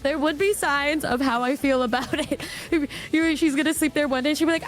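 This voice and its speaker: High-voiced blunt woman streamer. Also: steady tone, fast, hardly any pauses. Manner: blunt, exasperated, swears a lot. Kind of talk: casual chat.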